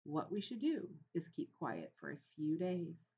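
A woman's voice: lowish voice, lively intonation, a little slow, dark tone, dull audio, slight background noise. Woman doing an eager boy mouse. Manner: eager, self-assured. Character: bold young boy mouse.

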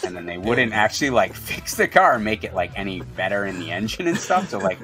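Man, thirties, podcast guest, very deep voice, rambling, hedging, casual chat. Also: sing-song, fairly quick, over music. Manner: rambling, many "like" fillers, hedging.

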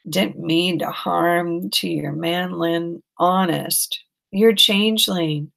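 A woman's voice: fairly low pitch, fairly even intonation, slow pace, creaky, a bit bright, exaggerated voice. A woman reading an audiobook, voicing a sulky, stubborn male goblin who grumbles and protests in a folksy way. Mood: sheepish.

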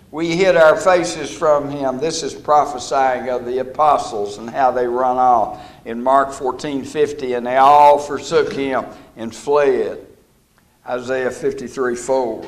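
A middle-aged man preaching a sermon, folksy and deliberate, leaning on key words. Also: on the high side.

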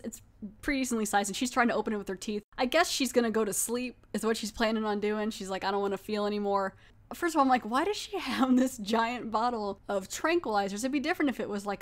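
A woman podcast host walks through a horror episode scene by scene in a relaxed, talkative voice. She laughs often and slips into mocking voices when quoting the characters. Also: medium pitch. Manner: chatty, laughing, acting out characters' lines in a mocking voice. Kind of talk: casual episode recap.

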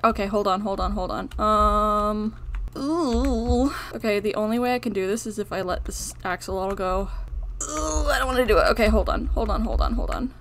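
A woman's voice: fairly high pitch, moderate pace, a little hiss or hum. A young woman talking viewers through her survival game in a chatty, self-deprecating way, tired from little sleep. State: sleep-deprived. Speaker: gaming channel host. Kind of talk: casual let's-play commentary.

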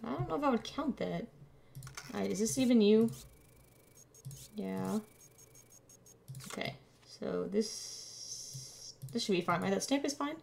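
A woman streamer casually commenting on a game, muttering to herself as she checks documents, playful and unhurried. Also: medium pitch, lively intonation, gravelly, darkish tone. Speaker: gameplay streamer. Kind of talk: casual let's-play commentary.

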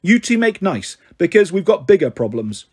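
An earnest teenage girl from a storybook reading , voiced by a man. Her husky voice pleads and insists with steady resolve. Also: high voice, normal speed, full character voice.

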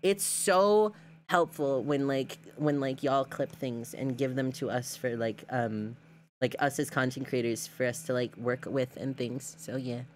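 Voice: medium pitch, fairly even intonation, unhurried, a little hiss or hum. A streamer reacting to clips in casual livestream chat, rambling and giggling with lots of fillers and repeated words.

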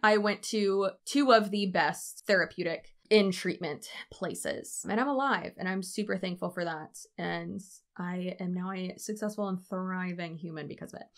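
A woman's voice: mid-range voice, expressive, moderate pace, a bit bright. A woman giving casual reaction commentary in a blunt, sarcastic way.

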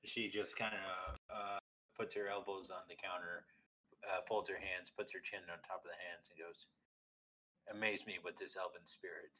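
A man playing a tabletop game, describing his character's actions with many fillers and pauses. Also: sits low, little pitch movement, bright, forceful tone. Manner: halting, filler-laden descriptions. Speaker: player.

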